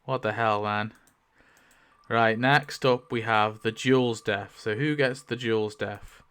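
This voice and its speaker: A man's voice: lowish voice, unhurried, smooth. A man giving casual, rambling commentary full of fillers as a YouTuber spinning a wheel. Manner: rambling, lively, many fillers and laughs.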